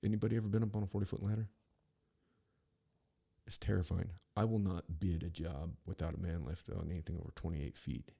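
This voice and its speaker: Gravelly deep-voiced man telling stories. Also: steady tone, fairly quick, mellow. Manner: profane, rambling, with frequent restarts. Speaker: podcast host. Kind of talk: casual storytelling monologue.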